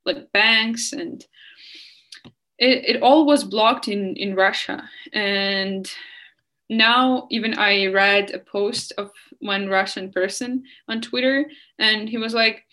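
A young woman from Ukraine, answering an interviewer earnestly and passionately, with frequent halting restarts. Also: mid-range voice, bright, forceful tone. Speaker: guest.

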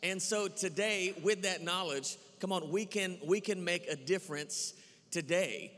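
A man preaching and praying as campus pastor in a church, earnest and repetitive, often pausing with "uh" and restarting his phrases. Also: sits high, fairly bright tone. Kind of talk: sermon and prayer. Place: church sanctuary. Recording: long church hall reverb.

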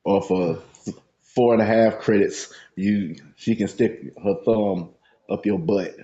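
A man's voice: fairly low pitch, slow, dull audio. A man co-hosting a podcast, joking in slangy casual banter. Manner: animated joking, slangy, breaks into laughter. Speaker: podcast co-host. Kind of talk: crude comedic banter.

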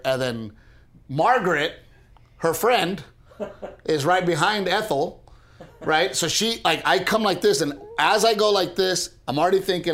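A man co-hosting a casual podcast, telling a story in an animated way, speeding up when excited and restarting his sentences often. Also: high-pitched, unhurried. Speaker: podcast co-host.

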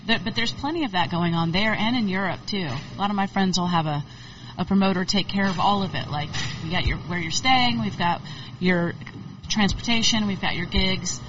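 A woman's voice: medium pitch, moderate pace, hardly any pauses, distant mic, lo-fi sound, noisy background. A woman musician chatting as an interview guest, rambling and laughing often. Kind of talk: casual interview chat.

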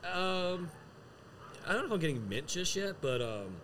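A man's voice: high-pitched, sing-song, normal speed, a bit bright, slight background noise. A man co-hosting a podcast, chatting casually and rambling with many restarts. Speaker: podcast co-host. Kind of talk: casual chat.

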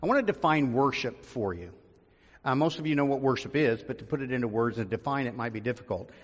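A man's voice: medium pitch, lively intonation, quick pace. Man preaching in a reverberant church. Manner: conversational, many ums and restarts, grows emphatic. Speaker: pastor. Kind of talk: sermon. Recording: long reverb of a large room.

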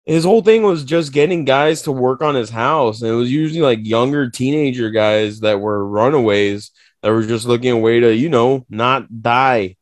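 A man co-hosting a podcast in casual chat, swearing freely and telling stories with lively energy. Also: medium pitch, normal speed, few pauses, no echo, studio quality. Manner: profane, animated storytelling with mock voices. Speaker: podcast co-host.

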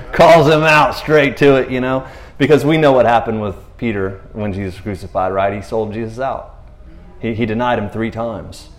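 A man talking casually about scripture in a laid-back, slangy way, retelling stories with lively asides. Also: mid-range voice, measured pace. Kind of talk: casual faith talk. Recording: roomy echo.

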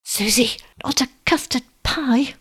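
A woman reading a storybook voices a frail young blind boy in a high, soft, pleading tone. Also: measured pace, husky, exaggerated voice. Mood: eager.

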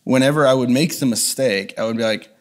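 A man's voice: mid-range voice, fast talker. A man reflectively sharing a personal testimony as an interview guest, with frequent restarts. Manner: earnest, reflective, many restarts.

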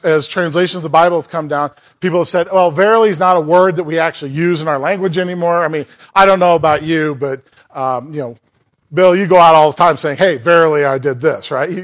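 A man's voice: fairly high pitch, brisk. A man preaching a sermon in a church in a conversational way, asking the congregation questions and making asides. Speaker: pastor.

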